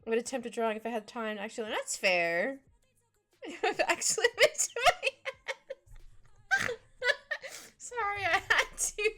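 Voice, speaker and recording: Young woman streamer, casual giggly chat while drawing, bright lively voice, soft music under it. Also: high-pitched, slow, pauses often. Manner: giggly, playful, talks to chat. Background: faint music.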